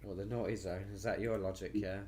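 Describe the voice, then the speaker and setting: A man's voice: low voice, fairly even intonation, brisk, a little mellow. A man hosting a casual live stream, chatty and cheerful, losing his voice. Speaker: host.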